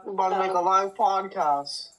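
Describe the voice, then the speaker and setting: Brief: man, high pitch, wisecracking friend on a group call. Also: crowd noise, poor audio. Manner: wisecracking, quick one-liners. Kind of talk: casual chat.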